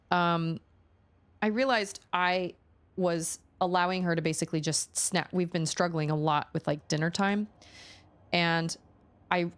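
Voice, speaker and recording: Woman in her thirties, lower voice, chatty storyteller streaming from home. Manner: chatty, animated storytelling with many fillers. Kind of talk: casual chat.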